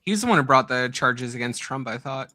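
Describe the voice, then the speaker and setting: A man chatting on a live stream who likes to set the record straight, with a wry edge. His voice is bright and forward, and it sounds dry and close. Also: mid-range voice, animated, a little fast, no room sound. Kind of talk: casual chat on a live stream.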